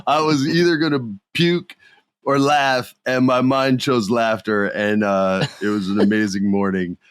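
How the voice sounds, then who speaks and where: A man from the United States hosts a podcast in a relaxed, slang-heavy way. He tells stories with animation, and his voice sits at an ordinary middle pitch. The recording is dry and close, with no room sound. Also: unhurried, clear, resonant tone, dry recording. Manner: laid-back, slangy, animated storyteller. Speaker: podcast host. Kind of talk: casual chat.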